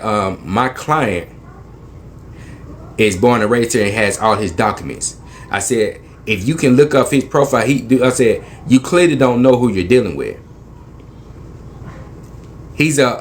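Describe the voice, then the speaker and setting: A man's voice: on the low side, slight background noise. A young man from East Saint Louis, Illinois, retelling a tense story in slangy, emphatic speech, acting out both sides of the dialogue and repeating phrases for weight.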